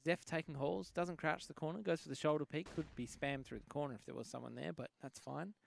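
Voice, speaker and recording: A man's voice: a little high, fast, vocal fry, a little hiss or hum. A man giving live esports commentary, playful and full of jokes. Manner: jokey, playful banter. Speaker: esports caster.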